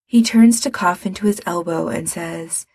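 Woman audiobook reader, measured, husky and gravelly. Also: lowish voice, a little mellow, no room sound, clean studio sound. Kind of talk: storybook narration.

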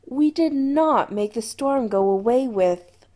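A woman voicing a flustered but firm young man in an audiobook story, reading his lines slowly and a touch higher than her narration. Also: lively intonation, mellow. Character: flustered, bossy young man, the captain's lover.

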